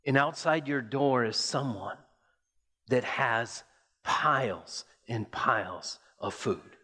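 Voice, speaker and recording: A man preaching a sermon, telling an imagined story slowly and deliberately, with pauses. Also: mid-range voice, lively intonation, sharp tone, breathy edge. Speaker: pastor. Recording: long hall reverb.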